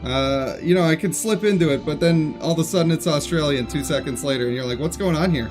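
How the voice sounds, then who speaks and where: A man's voice: on the high side, quick pace, music in the background. Chatty male game streamer, light voice. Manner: chatty and joking, talks to his chat. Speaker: gaming streamer. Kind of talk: casual live-stream commentary.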